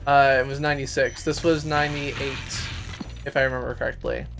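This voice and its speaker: A man's voice: mid-range voice, level tone, brisk, gravelly. A man chatting casually as a gaming streamer, rambling and poking fun at himself while he plays. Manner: chatty, self-mocking, rambling. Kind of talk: casual gameplay commentary. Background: faint game music.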